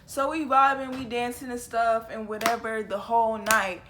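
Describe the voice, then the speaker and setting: A young woman telling a story from her own life in a casual, animated and profane way. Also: on the high side, moderate pace, background noise. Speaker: storytelling vlogger.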